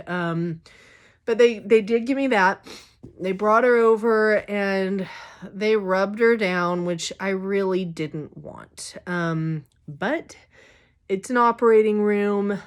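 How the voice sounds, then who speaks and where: A woman vlogger telling a personal story in a casual, candid way, full of "um" and "like". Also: mid-range voice. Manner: chatty, full of fillers like "um" and "like"; candid, openly emotional.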